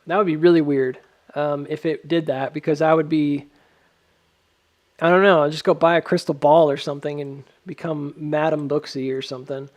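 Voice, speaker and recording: A man's voice: a little high, level tone, normal speed. A man giving casual stock chart commentary, rambling with lots of ums and laughing at his own jokes.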